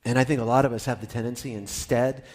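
A man preaching a sermon, animated, swinging from loud exclamations to soft, almost whispered lines. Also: medium pitch, fast talker. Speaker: pastor.

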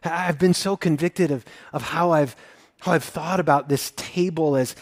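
A high-voiced man preaching as pastor, earnest and openly emotional. He drops to a hushed tone, then rises to excited exclaiming, and repeats words when he is moved. His voice is close and dry, with no room sound. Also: moderate pace, dry recording. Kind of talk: sermon.

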